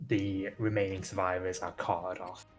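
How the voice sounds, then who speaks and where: A man narrating as game master in a tabletop game, relaxed and lightly amused. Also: deep voice, moderate pace, soft background music.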